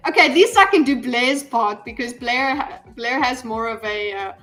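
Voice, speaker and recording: Speaking at a normal pace, this woman has a highish, bright, forceful voice as she chats with her stream audience. She wanders from point to point, restarting sentences and saying um a lot, while quiet music plays behind her.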